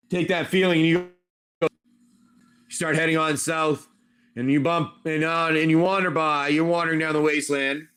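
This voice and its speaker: High-voiced man running a game. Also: moderate pace, fairly bright tone, clear, resonant tone. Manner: rambling, self-correcting. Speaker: game master and livestream seller. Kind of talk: improvised tabletop narration on a live stream.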